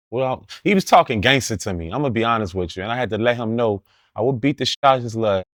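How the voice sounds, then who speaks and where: A man's voice: mid-range voice, animated, fast, fairly bright tone, no room sound, studio quality. A man telling stories as an interview guest, blunt and profane in street slang, laughing as he talks. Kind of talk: casual storytelling in an interview.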